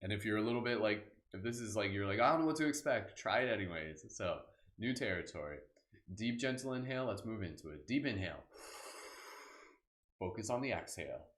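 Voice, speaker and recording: A man hosting a live guided meditation, speaking in a relaxed, casual way full of "like" and "kind of", leading affirmations and laughter breathing. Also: lowish voice, a little fast, echoey room. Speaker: meditation host.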